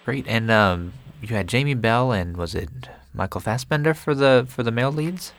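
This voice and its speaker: A man's voice: medium pitch, expressive, normal speed. A man interviewing a film director, asking eager, complimentary questions.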